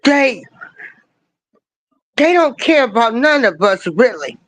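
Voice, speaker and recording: An older woman giving ranting commentary, hammering the same rhetorical questions and swinging between rising cries and low asides in slangy speech. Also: big pitch swings, slow pace, a bit bright, dry recording, poor audio. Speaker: online commentator.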